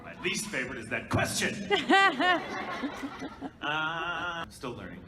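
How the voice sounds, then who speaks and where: A man, a voice actor, telling lively anecdotes on a convention panel and dropping into accents as he goes. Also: a little high, takes it slowly. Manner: animated storyteller, jumping into accents and voices. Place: large convention hall. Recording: echoey hall, voice from far off, background noise.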